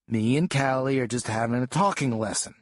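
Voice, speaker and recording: A man voicing an abusive, short-tempered father who coaxes and threatens in a lower, quieter voice. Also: a little fast, natural voice. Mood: menacing. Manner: coaxing then harsh and menacing.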